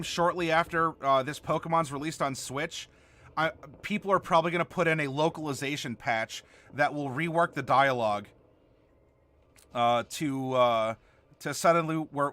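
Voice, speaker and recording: Chatty man with a bright voice. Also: mid-range voice. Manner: chatty, reads and answers viewer comments. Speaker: host building a game character live. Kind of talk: casual livestream chat.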